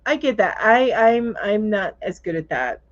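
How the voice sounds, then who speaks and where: A woman hosts a crochet live chat, reading viewer comments aloud in a casual, chatty way while thinking out loud and laughing easily. Her voice sits at a medium pitch with a sing-song lilt and a measured pace. The livestream audio is dull and lo-fi.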